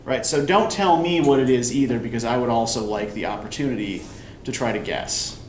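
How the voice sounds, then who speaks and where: A college English instructor with a medium, slightly mellow voice teaches patiently, explaining and regularly checking understanding with "right?" A recorder far off in the room picks him up with an echoey, roomy quality and a faint hum of background noise.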